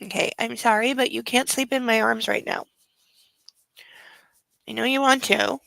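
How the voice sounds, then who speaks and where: A woman's voice: fairly high pitch, fairly even intonation, moderate pace, gravelly, fairly bright tone, rough recording. A woman hosting a casual late-night livestream from home, cooing baby talk to her dog and swearing freely. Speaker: livestream host.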